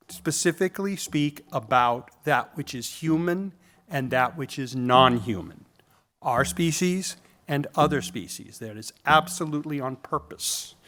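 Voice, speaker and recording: A man's voice: medium pitch, fairly bright tone. An older man giving a conference keynote in a lecture room, emphatic and jokey, often ending his points with a questioning "okay?". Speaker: keynote speaker.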